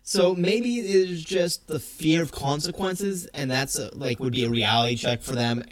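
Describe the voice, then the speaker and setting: A man co-hosting a podcast who tells stories with animated energy. He laughs often and talks casually, and his voice sits a touch high for a man. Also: normal speed. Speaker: podcast co-host.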